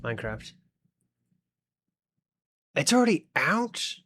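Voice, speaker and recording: A man's voice: on the high side, sing-song, takes it slowly, bright, forceful tone, a little hiss or hum. Chatty Australian streamer guy. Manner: rambling, chatty, talks to his chat. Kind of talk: casual gaming livestream chat.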